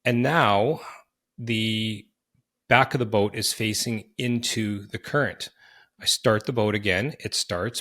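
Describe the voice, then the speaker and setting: A middle-aged man hosting a podcast, earnestly telling a personal story in vivid detail with quick restarts. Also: lowish voice, a bit bright. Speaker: podcast host.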